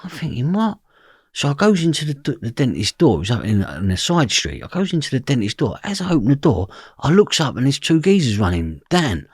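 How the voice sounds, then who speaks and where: This man, a podcast guest, tells a blunt, profanity-laced story from his past, often asking "do you know what I mean." His medium-pitched, slightly rough voice swings widely in pitch, fairly quick and with hardly any pauses. The recording is dry and studio quality.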